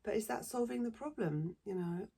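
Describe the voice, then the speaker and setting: A middle-aged former secondary teacher from southern England speaks bluntly and swears freely in a casual monologue, with a southern English accent. Her mid-range voice is warm and husky with vocal fry, at a moderate pace.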